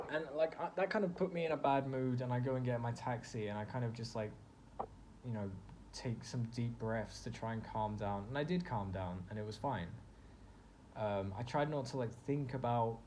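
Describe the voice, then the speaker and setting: A man's voice: medium pitch, mellow, slight background noise. A young man telling a personal story in a casual vlog, rambling and full of fillers as he reflects on his own feelings. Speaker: vlogger.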